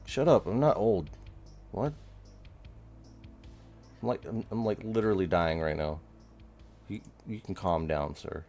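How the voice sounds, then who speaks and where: Male streamer host, playful and teasing, unhurried, with faint music underneath. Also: sits low, a little mellow. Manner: playful, teasing, talks while working the stream. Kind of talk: casual live-stream chat.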